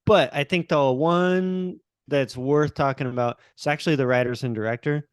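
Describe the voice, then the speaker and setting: A man's voice: on the high side, clear, resonant tone, no room sound, clean studio sound. A man co-hosting a casual film podcast, telling anecdotes and asking his co-hosts questions. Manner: storytelling, measured, asks questions. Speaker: podcast co-host. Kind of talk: casual chat.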